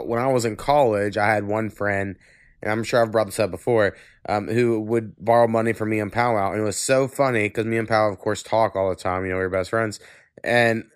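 A man's voice: lowish voice, clear, resonant tone, no echo, studio quality. A man hosting a podcast, talking in casual chat, rambling and swearing freely while congested with a cold. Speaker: podcast host.

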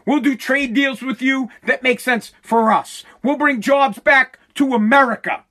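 A man quoting a blunt, forceful male president, emphatic and indignant, with his pitch raised. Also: measured pace, exaggerated voice.

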